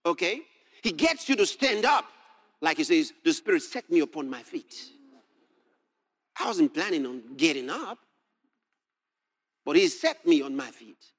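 A man preaching a sermon, reading scripture aloud and explaining it, moving from quiet musing to loud shouted proclamation and laughing now and then. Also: on the high side, sing-song, unhurried, long pauses.

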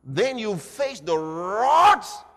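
Preacher guy, really high bright voice, goes hushed then shouts, big echoey church hall. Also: big pitch swings, extremely slow. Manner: impassioned, swinging from hushed to shouting. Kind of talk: sermon. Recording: reverberant hall.

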